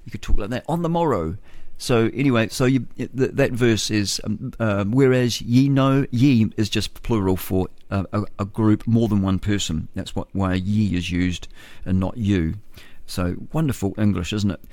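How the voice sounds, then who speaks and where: A New Zealand man hosting morning radio in a loose, chuckling, rambling way. His voice sits low, and the sound is close and dry with no room around it. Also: steady tone, moderate pace, few pauses, a little mellow, no room sound. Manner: folksy, chuckling, meandering. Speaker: radio host.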